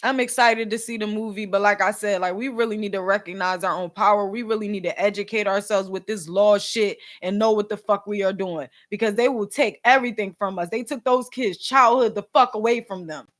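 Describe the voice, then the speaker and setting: A woman's voice: medium pitch, fairly even intonation, a little fast, few pauses. A young woman from Philadelphia, upset and near tears, ranting bluntly and with heavy profanity on a live stream. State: tearful and upset. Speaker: vlogger and podcast host. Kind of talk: emotional live-stream rant.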